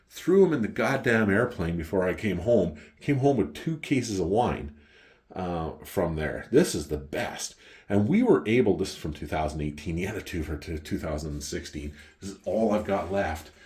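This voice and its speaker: A middle-aged man from Canada with a Canadian accent, telling a story in a casual, profane, animated way. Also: low voice, normal speed. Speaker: wine collector vlogger.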